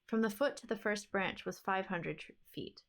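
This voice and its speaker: Woman, middle pitch, reading a fairy tale aloud, steady even delivery. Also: moderate pace. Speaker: book club streamer.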